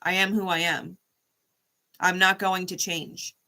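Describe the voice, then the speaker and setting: Brief: woman doing a defiant, cussing wounded bear who won't be fixed; sharp tone. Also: on the low side, little pitch movement, unhurried. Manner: defiant, profane. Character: stubborn wounded bear refusing to change.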